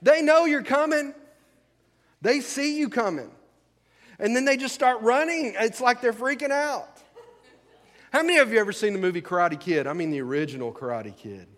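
A man's voice: very high voice, expressive, moderate pace, a bit bright. A male pastor preaching a sermon in a folksy, conversational way, asking the congregation questions. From rural American South. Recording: long hall reverb.

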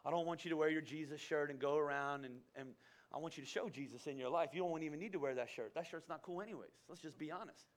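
Man, middle-aged, high-pitched voice, pastor, conversational sermon, fervent peaks. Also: fast talker. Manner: conversational, rising to fervent emphasis.

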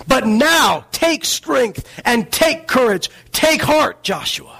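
A male preacher giving a sermon, reading scripture aloud and stressing key words with slow, dramatic pauses. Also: very high voice, sing-song, creaky, bright, forceful tone, slightly rough, low-quality recording.

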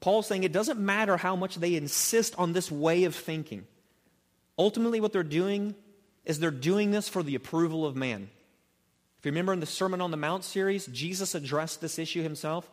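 A high-voiced male preacher delivering an animated Bible sermon, often sinking low and soft for emphasis. The sound carries a long reverb, as in a large hall. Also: a little fast. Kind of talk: expository sermon.

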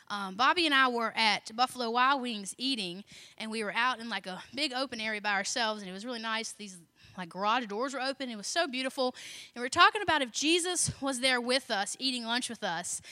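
A woman speaks in a bright, lively tone, sharing a conversational devotional message. She repeats key phrases for emphasis and drops in casual, self-deprecating asides. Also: fairly high pitch, fairly quick, no room sound.

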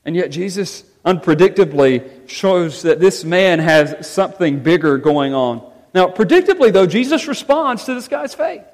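A man preaching a sermon as pastor, with animated emphasis that rises and falls as he drives his points home. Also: high-pitched, normal speed, hardly any pauses. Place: church sanctuary. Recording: long reverb of a church hall.

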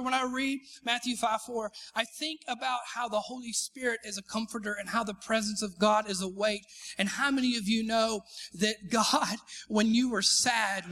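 A male pastor with an unusually high voice delivers a sermon in a church sanctuary. His tone is bright and forceful. He cracks self-deprecating jokes and calls for the congregation to shout back. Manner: joking, calls for responses from the congregation. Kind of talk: live sermon.

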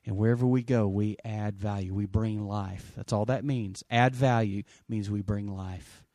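A middle-aged man preaching a sermon as pastor, conversational, swinging between loud emphasis and quiet asides and calling for amens. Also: on the low side, fairly even intonation, moderate pace, no room sound, studio quality. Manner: asks the congregation for amens.

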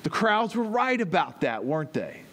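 High-voiced man preaching a teaching sermon. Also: very animated, moderate pace, a bit bright, a little hiss or hum. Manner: explains step by step and checks in with listeners. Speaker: pastor.

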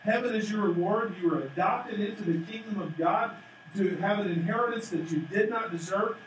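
A man preaches a sermon, his voice pitched high and lively as he acts out each character. He is heard from a distance across a strongly echoing sanctuary, with a faint hum of room noise underneath. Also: brisk. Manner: animated, acts out the parable's voices. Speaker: pastor. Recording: echoey room from far off.

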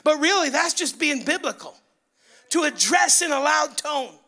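A man preaching a sermon in a church, excitable and loud, his voice rising into yelling. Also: very high voice, moderate pace. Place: church sanctuary.

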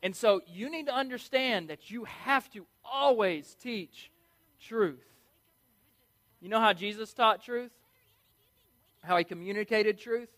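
Male preacher, high-pitched, energetic and emphatic with playful asides. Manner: energetic, emphatic, playful, repeats key words. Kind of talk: sermon.

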